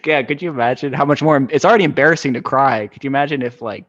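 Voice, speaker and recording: A man's voice: medium pitch, fast, fairly bright tone, no room sound, dull audio. A young man hosting a podcast, earnest and enthusiastic, stammering through restarts. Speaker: podcast host. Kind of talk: casual conversation.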